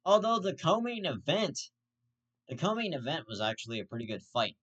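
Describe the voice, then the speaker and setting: A man's voice: a little high, sing-song, moderate pace, fairly bright tone, dull audio. A man hosting his own vlog, ranting heatedly with heavy swearing and repeated restarts. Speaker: host of a commentary vlog. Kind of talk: profane ranting commentary.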